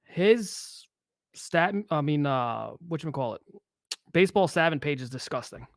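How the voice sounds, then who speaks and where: A man with a somewhat high voice, giving sports betting picks bluntly in casual talk. He trips over his words and gets frustrated quickly. The sound is dry and close. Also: lively intonation, no echo.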